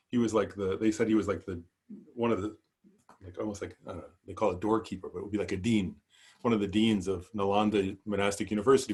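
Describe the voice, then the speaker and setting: A man with a lowish, slightly rough voice teaches an online Buddhist dharma class. His lecture is hesitant and full of fillers, asides, and "right?".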